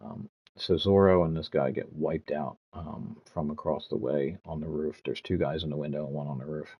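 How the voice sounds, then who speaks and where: Gravelly deep-voiced man in his fifties. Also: fairly even intonation, moderate pace, dull audio. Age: 50s. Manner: ranting, swearing storyteller. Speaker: gaming streamer. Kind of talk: casual stream chat.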